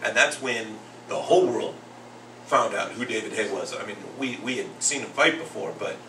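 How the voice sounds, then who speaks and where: On a relaxed boxing talk show, a man with a lowish voice speaks at a normal speed, telling animated stories and acting out what others said. Besides hosting the podcast, he teaches second grade. The audio carries a roomy echo and faint noise, and he's far from the mic.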